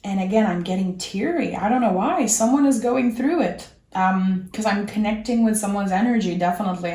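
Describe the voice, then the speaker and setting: A woman's voice: mid-range voice, fairly quick, few pauses, mellow. Earnest French-accented woman, echoey room. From France. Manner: earnest and reassuring, speaking straight to the viewer. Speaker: tarot reader. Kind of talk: tarot reading monologue.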